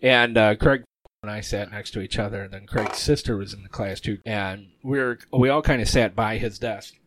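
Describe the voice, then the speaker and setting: A man in his thirties on a podcast, telling school stories casually, laughing loudly and acting out the voices. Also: on the low side, normal speed. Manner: animated storyteller who acts out quotes and laughs loudly. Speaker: podcast co-host. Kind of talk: casual chat, storytelling.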